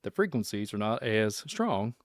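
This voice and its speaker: A man's voice: lowish voice, sing-song, normal speed, no room sound. Rambling Kentucky man, dry sound. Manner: rambling, speculative and joking. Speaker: podcast host. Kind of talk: casual livestream chat.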